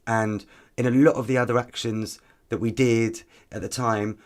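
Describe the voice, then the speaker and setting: Animated man telling stories. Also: lowish voice, moderate pace. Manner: animated storyteller with frequent ums. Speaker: activist guest. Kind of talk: conversational podcast interview.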